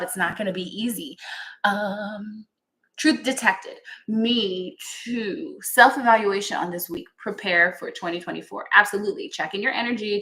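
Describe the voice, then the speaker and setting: A woman's voice: mid-range voice, bright, forceful tone. A woman who teaches yoga, chatting casually with viewers on a livestream, earnest and laughing often as she reads comments aloud. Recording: echoey room.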